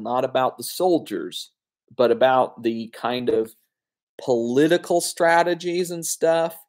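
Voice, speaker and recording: A man's voice: medium pitch, a little mellow. A man giving casual spoken movie reviews on his own, chatty and full of fillers and asides. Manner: conversational, frequent fillers and asides. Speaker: film reviewer.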